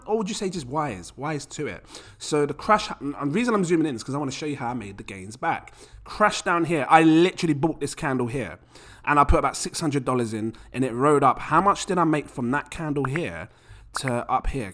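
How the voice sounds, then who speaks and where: A man giving a casual, animated to-camera talk about crypto, full of rhetorical questions. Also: medium pitch. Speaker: crypto YouTuber.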